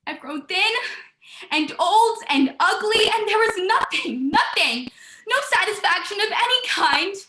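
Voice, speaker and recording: A woman's voice: very high-pitched, lively intonation, a little slow, bright, forceful tone, echoey room, full character voice. A young actress playing a despairing young woman, weary of her life, speaking in anguished, repeating words. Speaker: student actor. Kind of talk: stage drama monologue.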